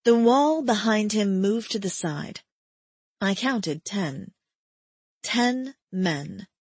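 A woman narrating first-person fiction in a breathy, measured, steady voice. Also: medium pitch, no room sound. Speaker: audiobook narrator.

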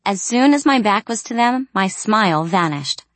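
A woman narrating a first-person audiobook in an expressive, storytelling way. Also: medium pitch, moderate pace, dry recording.

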